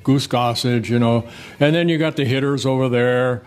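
A man's voice: medium pitch, fairly even intonation, normal speed. An older man in an interview, telling rambling, folksy stories with many restarts. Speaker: guest, former pitcher. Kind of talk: relaxed interview storytelling.

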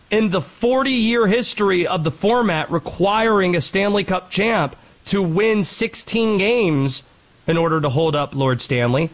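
Sports host, brisk talker, rattles stats with a high, lively voice. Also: male voice, rough recording. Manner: animated, quick rattling off of stats. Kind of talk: sports commentary monologue.

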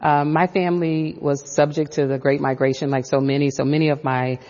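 Reflective female professor with a low voice, in a dull room with a long echo. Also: flat delivery, fairly quick, a little mellow. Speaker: professor and author. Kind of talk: radio interview.

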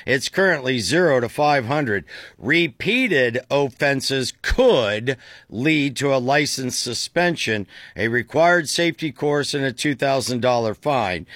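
A man's voice: medium pitch, lively intonation, a little slow, a bit bright, no echo. A man hosting a call-in radio show, reading out facts in a dry, joking manner. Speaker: radio talk show host. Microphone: studio microphone.

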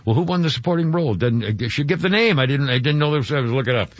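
Male radio host, animated and loose, slightly husky, lo-fi broadcast sound. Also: medium pitch, rapid-fire, no echo. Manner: rambling, laughs easily, lively. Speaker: radio talk show host. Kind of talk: casual radio chat.

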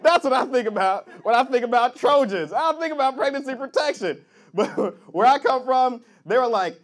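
Wry, very high-voiced stand-up man. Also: lively intonation, a little fast. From Chicago. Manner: wry, laughing at his own jokes, playful. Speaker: stand-up comedian. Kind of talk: stand-up comedy set.

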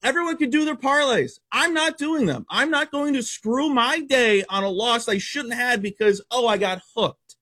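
A man's voice: very high voice, lively intonation, normal speed, few pauses, pushed and bright. A man appearing as a sports betting analyst on a radio show, rattling off stats and picks in a blunt, brash, competitive way. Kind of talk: fast stat-heavy sports betting talk.

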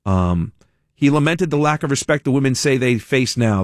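A man hosting a talk radio show, reading news quotes aloud and adding lively asides. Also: mid-range voice, fast talker, no room sound, clean studio sound.

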